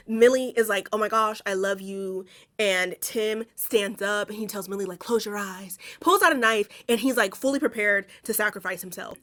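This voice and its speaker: Female recap host, casual and profane, storytelling energy. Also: mid-range voice. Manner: profane, animated storytelling with acted-out quotes.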